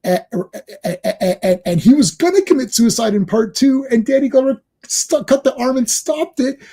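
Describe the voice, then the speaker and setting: A man hosting a casual movie chat, excitedly acting out scenes and quoting lines. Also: very high-pitched, normal speed, slightly rough. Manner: excited, acts out film lines. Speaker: podcast host.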